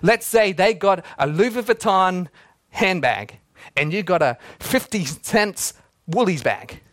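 A man's voice: sits high, expressive, takes it slowly, fairly bright tone, dry recording, studio quality. A man, preaching a sermon in a casual, joking way and laughing often. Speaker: pastor.

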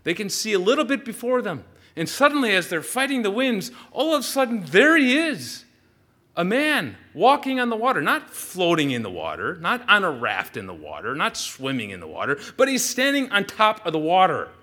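A male pastor preaching a sermon, telling the story with lively energy and frequent "uh" fillers and restarts. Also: high-pitched, moderate pace.

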